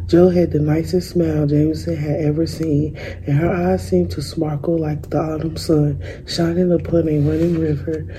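A young woman reads a children's picture book aloud, calm and measured. Her voice is low-pitched, soft and mellow. A faint hum of noise sits behind her. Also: poor audio. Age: young adult. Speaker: student reader.

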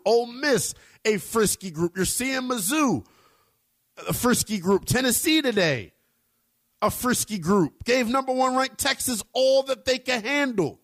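A man hosting a college sports radio show, talking with big swoops in pitch and slangy emphasis. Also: fairly bright tone, no room sound, clean studio sound. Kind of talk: energetic sports talk radio.

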